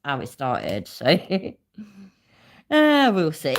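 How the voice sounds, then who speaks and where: Low, lively ranting woman from Leicester. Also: drawn-out words, a little hiss or hum. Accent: East Midlands English. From Leicester, England. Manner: rambling, swearing rants that speed up. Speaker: live stream host. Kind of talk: casual live stream chat.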